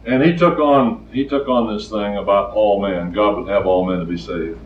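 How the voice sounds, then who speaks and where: This older male preacher speaks at normal speed with a fairly low pitch, delivering a plainspoken, storytelling sermon marked by emphatic repetition. A little hiss or hum runs under the dull, lo-fi recording, and he sounds distant in a roomy space.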